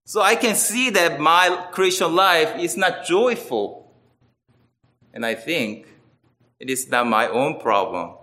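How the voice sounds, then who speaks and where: Slow, bright-voiced man preaching. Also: a little high, lively intonation. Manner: earnest, emphatic, with wide swings between loud and quiet. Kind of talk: sermon.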